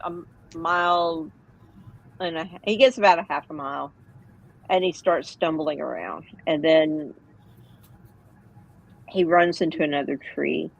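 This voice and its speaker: Woman, game master, slow unhurried delivery, low voice, hesitant narration. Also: vocal fry, highs cut off. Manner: hesitant, thinking aloud with many ums.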